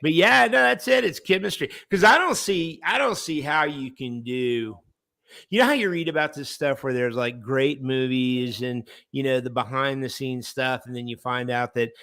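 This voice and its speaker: A man's voice: mid-range voice, moderate pace, creaky, pushed and bright, no room sound. A man co-hosting a comedy podcast, chatting casually in a rambling way with restarts. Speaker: podcast co-host.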